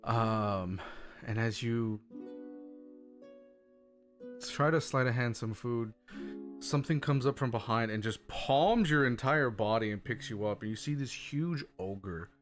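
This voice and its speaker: A man's voice: medium pitch, unhurried, soft background music. A man narrating as game master of a tabletop game, casual and loose, with lots of fillers. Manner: casual, laughing, with many fillers.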